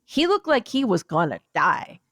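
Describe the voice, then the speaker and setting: A woman co-hosting a podcast, chatting casually and telling a rambling, animated story. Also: on the low side, normal speed, dry recording. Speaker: podcast co-host. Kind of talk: casual chat.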